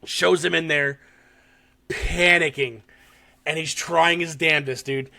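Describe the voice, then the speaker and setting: Gravelly, bright-voiced man telling a story. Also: fairly high pitch, measured pace. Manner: animated, profane storytelling with frequent laughter. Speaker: podcast host. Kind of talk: casual chat recapping a horror short film.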